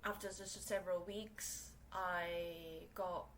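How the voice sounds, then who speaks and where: Woman, 20s, from South Korea, Korean native speaker, casual solo podcast, rambling with fillers, lowish voice, small room, faint hiss. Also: steady tone, slow pace, a bit bright, poor audio. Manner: rambling, full of fillers and restarts. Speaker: podcast host.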